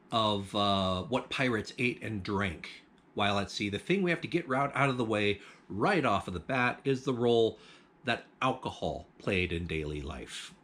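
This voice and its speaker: Chatty man with a lowish voice. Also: a bit bright. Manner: chatty, with frequent ums, restarts and chuckles. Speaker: host of a food history channel. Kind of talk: casual explanatory talk.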